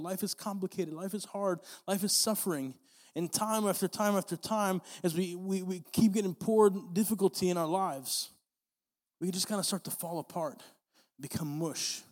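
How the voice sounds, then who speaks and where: A man's voice: high voice, a little mellow, in a large hall. A young man preaching a sermon, earnest and repetitive, often restarting his phrases. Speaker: pastor.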